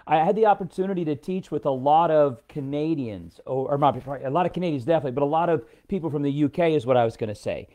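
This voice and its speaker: A man's voice: a little high, fast, few pauses, dark tone. An American man hosting a casual live stream, chatting in a rambling way and greeting viewers by name.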